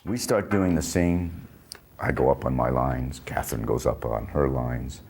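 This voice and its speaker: Older man with a gravelly, very deep voice. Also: a little slow, a little mellow. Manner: rambling, self-interrupting, chuckling. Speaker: actor recalling a film. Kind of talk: anecdotal storytelling.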